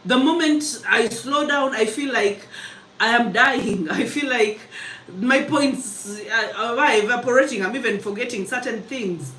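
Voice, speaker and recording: Lady coaching public speaking live, quick and punchy, echoey room, bit far from the mic. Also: a little high, fairly bright tone, a little hiss or hum. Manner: fast, emphatic, chatty, laughs easily. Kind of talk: live mentorship session, reading comments. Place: live online session.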